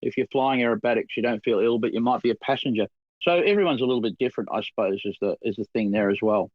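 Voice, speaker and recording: A man's voice: mid-range voice, fast, dry recording. A man co-hosting a live stream, musing thoughtfully on a theory. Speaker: co-host. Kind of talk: casual live-stream chat. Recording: dull dry lo-fi audio.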